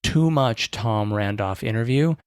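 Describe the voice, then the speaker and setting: A man's voice: on the low side, animated, measured pace, clean tone, no echo, studio quality. A man co-hosting a podcast in casual chat, rambling and correcting himself with a wry humor. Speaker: podcast co-host.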